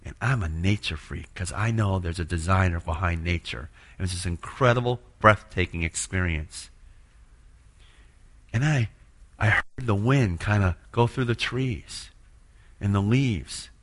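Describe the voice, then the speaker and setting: A man telling an earnest spoken testimony of faith, moving between hushed passages and loud, impassioned ones. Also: low voice, measured pace. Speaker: churchgoer sharing a personal testimony.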